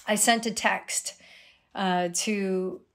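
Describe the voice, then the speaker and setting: Middle-aged woman, interview guest, personal storytelling, animated with sudden high exclamations. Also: extremely slow. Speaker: guest, dream guide.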